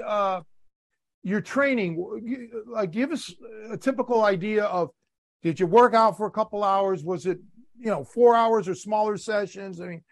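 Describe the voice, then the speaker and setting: High-voiced male podcast host. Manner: chatty, encouraging questions with fillers. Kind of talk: casual interview.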